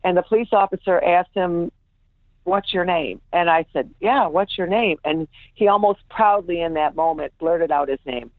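A woman's voice: fairly low pitch, moderate pace, dry recording. A woman guest telling an emotional personal story, acting out what people said, heard over a phone line. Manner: animated, acts out quoted voices.

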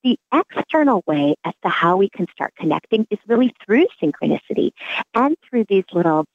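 A woman's voice: mid-range voice, fairly quick, dry recording. Earnest middle-aged woman on a thin phone line. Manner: earnest, animated, acts out remembered dialogue. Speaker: psychiatrist and author, interview guest. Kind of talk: reflective interview answers. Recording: dry, phone-like narrow sound.

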